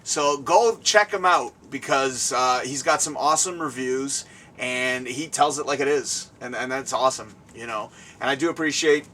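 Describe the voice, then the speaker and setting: A man hosting a casual interview at a guest's home, excitable and rambling, laughing often, recorded from a distance. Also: medium pitch, moderate pace, slight background noise. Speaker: show host. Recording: distant mic, faint room ambience.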